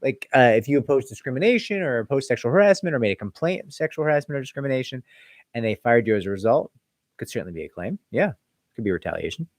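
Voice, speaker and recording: Male lawyer host. Animated, conversational delivery. Dry, close sound. Reads comments aloud and answers them. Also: mid-range voice, fast, no room sound. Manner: conversational, loose, with frequent "like" and "right?". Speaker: employment attorney hosting a live Q&A. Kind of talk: casual livestream question-and-answer.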